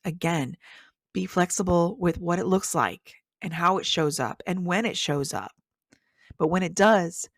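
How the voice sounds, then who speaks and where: A woman hosts a faith-based podcast, sharing a personal story with earnest emotion. Her voice sits on the lower side for a woman. The recording is dry and close-miked, with no room sound. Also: gravelly, no room sound. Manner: earnest, emotional, animated retelling with quoted voices. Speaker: podcast host.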